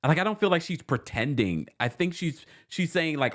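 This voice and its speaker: A man's voice: fairly high pitch, normal speed. A man giving a casual, chatty recap commentary, with a New York accent and a habit of acting out the people he quotes. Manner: animated, chatty, quotes people in lively mimicry. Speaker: recap host.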